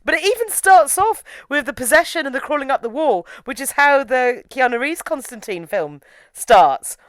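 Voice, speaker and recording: A woman's voice: sits high, lively intonation, normal speed, no echo. A woman chatting casually about a film she reviews, giggling and slipping into mocking impressions. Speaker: podcast co-host reviewing a film. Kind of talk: casual chat.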